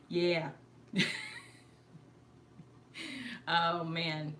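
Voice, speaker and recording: A woman's voice: lowish voice, moderate pace, sharp tone, slight background noise. A woman with a Long Island New York accent, chatting and telling rambling stories as host of a home livestream. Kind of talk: casual chat on a livestream. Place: living room at home.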